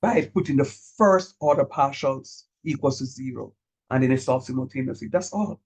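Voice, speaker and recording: A man teaching a calculus class, encouraging his students and repeating key steps slowly so they follow. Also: medium pitch, a little mellow, husky, low-quality recording. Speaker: calculus lecturer. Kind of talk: online math lecture.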